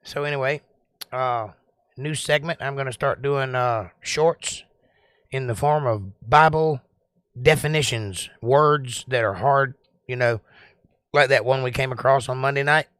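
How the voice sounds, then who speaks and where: A man's voice: mid-range voice, a little slow, a bit bright, smooth, no echo. A man from Georgia with a Southern accent, hosting a casual livestream, reading chat comments and rambling with jokes. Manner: rambling, joking, drawling. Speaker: livestream host.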